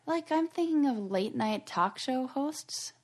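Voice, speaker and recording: A woman co-hosting a podcast in a casual chat, talkative and quick to offer her own theories. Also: high-pitched, expressive, darkish tone. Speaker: podcast co-host.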